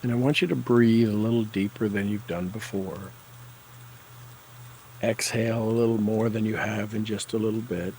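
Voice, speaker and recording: A man guiding a tapping session, speaking affirmations slowly and deliberately for the listener to repeat. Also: lowish voice, steady tone, warm tone, slight background noise, rough recording. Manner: slow, deliberate, coaching tone.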